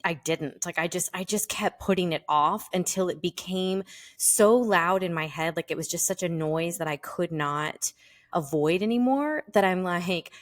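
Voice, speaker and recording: A woman's voice: fairly low pitch, moderate pace. A woman hosting a podcast, talking candidly and animatedly, with "like" in nearly every phrase. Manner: animated, candid, says "like" constantly. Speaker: podcast host. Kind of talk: casual conversation.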